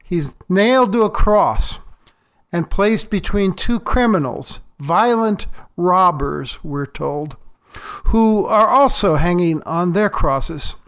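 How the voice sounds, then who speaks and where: Slow, high-voiced male pastor preaching. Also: animated, a bit bright, clear, resonant tone. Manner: measured, deliberate preaching with emphatic pauses. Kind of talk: sermon.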